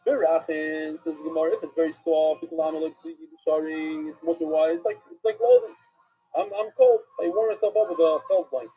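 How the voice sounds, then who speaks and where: A man's voice: on the high side, animated, fairly quick, mellow, husky, faint music behind. A man from Brooklyn with a New York accent teaching an informal Talmud class, rambling with conversational asides. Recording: dull lo-fi recording.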